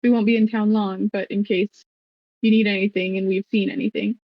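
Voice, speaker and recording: A woman's voice: mid-range voice, little pitch movement, a little fast, no room sound, natural voice. A woman voicing a polite, earnest young woman adventurer who speaks hesitantly. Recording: dull lo-fi dry mic.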